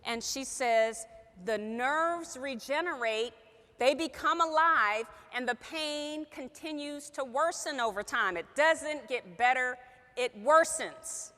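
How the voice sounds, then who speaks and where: A woman's voice: sits high, takes it slowly, pushed and bright, big-room sound. A woman telling an emotional story to a group as a sales trainer, acting out the quoted dialogue.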